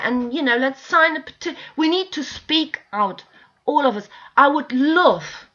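A woman with a high voice delivers a frustrated, pleading rant to her viewers from home. She swears freely and keeps pressing her audience to listen. The recording sounds dull and lo-fi. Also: expressive, measured pace, sharp tone. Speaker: video blogger. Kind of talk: impassioned ranting monologue. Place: at home with dogs nearby.

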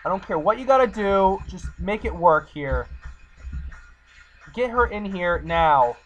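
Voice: medium pitch, expressive, unhurried. A gamer giving let's play commentary, exasperated and talking back to the game. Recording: slightly muffled recording, faint game music.

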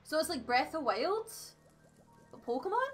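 A woman with a Scottish accent reacting to a game stream, excitable and tearful, drifting between quiet asides and squeals. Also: sits high, moderate pace, soft background music. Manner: excitable, gushing, swings from mumbling asides to squeals. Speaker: reaction video host. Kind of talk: live reaction commentary.

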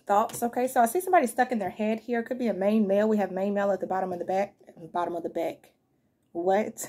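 A woman's voice: mid-range voice, darkish tone, slight background noise. A woman giving a casual, chatty tarot reading, thinking aloud as she turns cards, with easy laughs and the odd swear word. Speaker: tarot reader.

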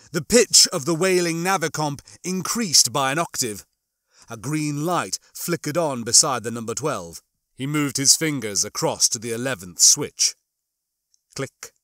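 A man reading a comic sci-fi novel aloud and chatting between chapters in an animated way. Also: a little high, dry recording, studio quality. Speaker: audiobook reader.

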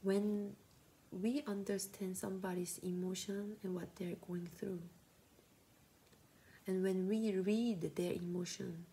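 Brief: young Korean-accented woman, counseling teacher, slow soft whispery delivery, gravelly edge, faint hiss behind. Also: mid-range voice, fairly even intonation. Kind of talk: soft-spoken teaching talk.

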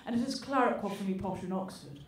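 A woman from England with a mid-range, sing-song voice delivers a stand-up set on a theatre stage a little fast, brashly teasing the audience. The sound is roomy and distant, with audience laughter behind her.

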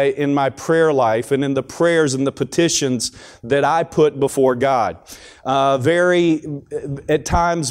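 A man's voice: fairly high pitch, clear, resonant tone. A man giving a devotional talk at a school chapel, speaking conversationally with frequent restarts and repeated words.

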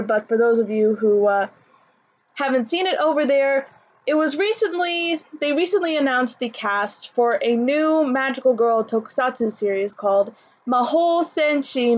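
Woman rambling in a home vlog, lots of ums and uhs, kinda muffled mic. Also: a little high. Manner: chatty, with many fillers and restarts. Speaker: anime vlogger. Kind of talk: casual vlog chat.

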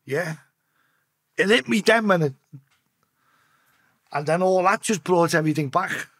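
Husky Liverpool man telling a story. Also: high-pitched, measured pace, a bit bright. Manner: swearing, acting out voices in his tale. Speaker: podcast guest. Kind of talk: emotional storytelling.

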